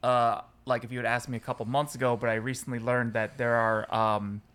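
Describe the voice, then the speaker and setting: A man's voice: mid-range voice, level tone, fairly quick, a bit bright. A man who makes videos, chatting casually and hesitantly, full of fillers and self-deprecating remarks. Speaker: video creator, podcast co-host. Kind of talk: casual chat.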